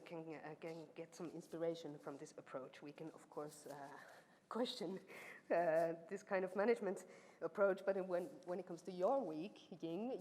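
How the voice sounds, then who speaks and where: A woman's voice: sits low, a little mellow. A woman supervisor giving a ceremonial laudatio, chatty and teasing inside a formal speech, with many fillers. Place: university ceremony hall. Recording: echoey hall, faint background noise.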